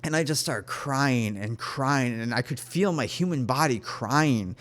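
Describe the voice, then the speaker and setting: Man, spirit guide, earnest, emotional, personal storytelling, frequent restarts, middle pitch. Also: unhurried, fairly bright tone.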